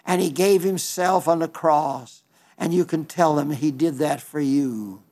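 A man preaching a sermon, earnest, with halting restarts and emphatic quoting of scripture. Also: a little high, a little mellow.

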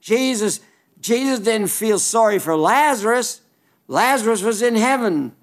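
A man preaching a sermon, emphatic and folksy, quoting scripture in King James wording and dropping into low, wry asides. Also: expressive, a little slow.

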